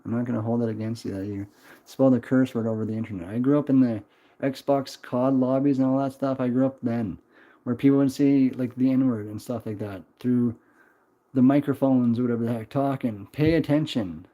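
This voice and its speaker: A man's voice: mid-range voice, fairly even intonation, brisk, warm tone. A man in his twenties chatting on a casual livestream, rambling, swearing and answering chat. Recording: dull lo-fi stream audio.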